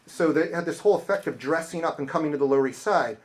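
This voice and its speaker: A man's voice: mid-range voice, fast, few pauses. Man, middle-aged, author talk, storytelling, acts out quotes, bookstore audience Q&A. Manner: storytelling, acting out quoted people. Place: bookstore event space.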